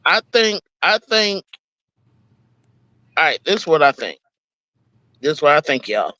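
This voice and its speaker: A man with a high, bright, tense voice has just joined a live stream. He talks emphatically, repeats himself, and stammers as he gives his take. His sound is dry and close. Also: sing-song, measured pace, no room sound, lo-fi sound. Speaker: guest joining a live stream. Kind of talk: casual live-stream chat.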